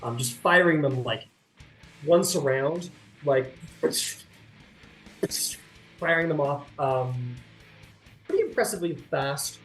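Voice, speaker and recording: A man runs a tabletop game as game master, talking in a loose, rambling way full of fillers. His voice sits a little high for a man. It sounds roomy, with faint music underneath. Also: expressive, slow, long pauses, a bit bright.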